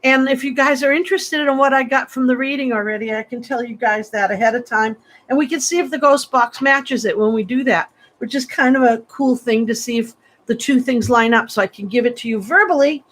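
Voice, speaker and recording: A woman's voice: a little high, fairly quick. A woman hosting a psychic livestream, talking casually and emotionally to her viewers, gushing and close to tears. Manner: warm, gushing, emotional and tearful. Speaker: psychic reader, livestream host.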